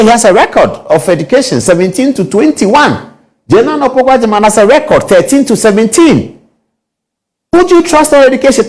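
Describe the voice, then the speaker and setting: A man delivers political commentary with emphatic, repetitive phrasing. He throws out rhetorical questions, and his pitch rises and falls in a lively way.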